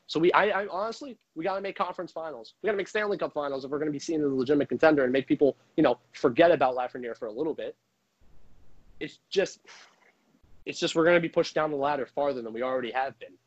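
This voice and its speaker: A man with a high voice rants heatedly about hockey as a frustrated fan, swearing freely. He speaks into a microphone. The recording sounds dull and lo-fi. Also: fast talker. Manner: heated, profane, frustrated ranting. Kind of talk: ranting sports commentary.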